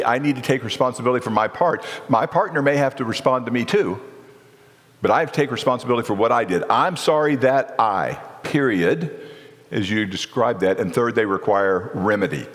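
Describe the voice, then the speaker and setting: A middle-aged man giving a sermon at a marriage seminar in a church, speaking earnestly and conversationally and often asking his listeners questions. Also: medium pitch. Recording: long reverb of a church hall.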